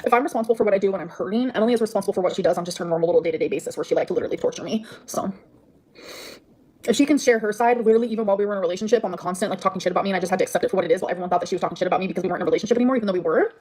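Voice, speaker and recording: A woman's voice: medium pitch, rapid-fire, darkish tone, rough recording. A woman livestreaming an angry, profane rant, venting heatedly at her audience.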